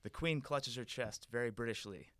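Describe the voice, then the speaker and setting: Comedy writer reading stage directions, bright voice, dry delivery. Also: male voice, mid-range voice, normal speed, no echo. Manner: dry narration, chuckling often. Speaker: comedy podcast guest writer. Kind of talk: reading a comedy script aloud.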